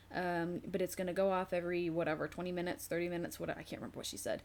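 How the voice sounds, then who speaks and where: A woman's voice: fairly low pitch, fairly even intonation, racing, gravelly, hardly any pauses. A young woman talks straight to her own camera as a vlogger in a loose, frank way. She swears freely, drops in plenty of "um"s, and briefly acts out the voices of the people she is quoting. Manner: candid, frank, swears freely, many fillers; acts out quoted nurses and herself. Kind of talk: casual storytelling.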